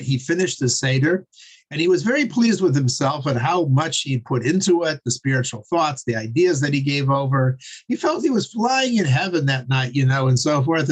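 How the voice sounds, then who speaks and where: A man's voice: on the high side, rough recording. A man teaching a Torah class, telling a story conversationally with frequent fillers and chuckles.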